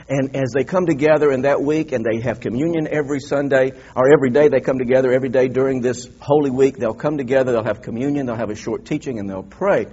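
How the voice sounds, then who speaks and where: A man preaching a sermon as pastor, earnest and building emphasis with repeated phrases, then reading old-style scripture slowly and deliberately. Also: medium pitch, darkish tone, husky, highs cut off. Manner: reads King James scripture slowly and deliberately.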